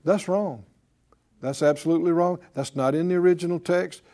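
A man's voice: a little high, fairly even intonation, brisk, dark tone. A man preaching a sermon, building emphasis and drawing responses from his congregation. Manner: emphatic call-and-response preaching, rising in force. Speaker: pastor.

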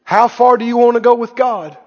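A man preaching a sermon, telling a story in a folksy, animated way. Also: very high-pitched, a little fast. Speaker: pastor. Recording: dull recording in a reverberant hall.

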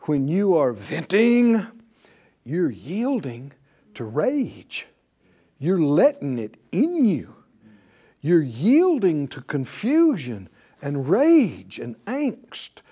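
A man's voice: a little high, wildly swooping pitch, drawn-out words, dark tone, husky. A man preaching a sermon to a class in a conversational way, calling on them to repeat after him. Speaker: pastor teaching a class.

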